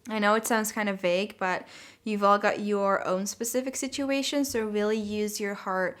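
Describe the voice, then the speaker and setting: Soft-spoken woman giving a tarot reading. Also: mid-range voice, steady tone, moderate pace. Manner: soft, gentle and reassuring, giggly at times. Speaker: tarot reader.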